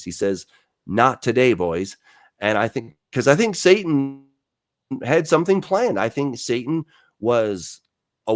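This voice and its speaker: Man, lower voice, Bible teacher, lively storytelling, dry close sound. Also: no echo. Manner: animated storyteller who acts out quoted dialogue; frequent fillers and restarts.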